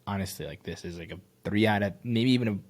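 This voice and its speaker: Blunt low-voiced sales critic. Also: male voice, fast. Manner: blunt, animated, judgmental. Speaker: sales coach reviewing a call. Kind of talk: casual critique.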